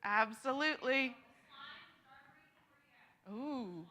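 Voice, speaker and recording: A woman's voice: a little high, lively intonation, drawn-out words, bright, forceful tone. A woman leading a church congregation in sharing time, chatty and encouraging, laughing often. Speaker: church worship leader. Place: church sanctuary. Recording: long reverb of a church hall.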